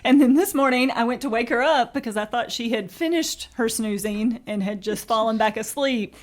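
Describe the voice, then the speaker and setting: A middle-aged woman co-host chats in a fairly high voice. She keeps it casual and upbeat and breaks into laughter easily. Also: normal speed. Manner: chatty and upbeat, laughs often. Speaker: podcast co-host. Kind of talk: casual group chat.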